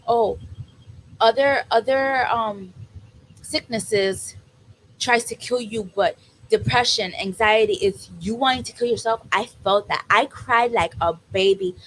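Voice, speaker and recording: Fields: Sex: woman. Role: podcast co-host. Style: emotional casual chat. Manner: animated, acts out quoted dialogue. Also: fairly high pitch, a little slow, a little hiss or hum, poor audio.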